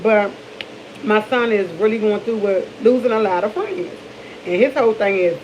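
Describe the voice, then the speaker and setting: A woman's voice: medium pitch, normal speed, a little mellow, slight background noise, rough recording. Middle-aged D.C. woman chatting candidly. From Washington, D.C. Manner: candid, rambling, with many restarts. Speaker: vlogger. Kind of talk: casual morning chat to camera.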